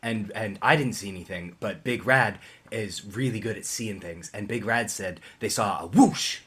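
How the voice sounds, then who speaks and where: A man's voice: lowish voice, normal speed, fairly bright tone, slightly rough. A man playing in a tabletop game, rambling and stop-start. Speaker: player. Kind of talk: casual tabletop play.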